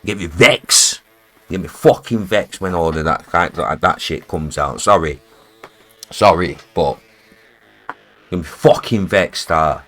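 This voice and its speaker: Streaming live from his home studio, this male producer delivers a casual, profanity-laced rant that circles back on itself. He speaks at a measured pace in a low, somewhat bright voice over soft background music.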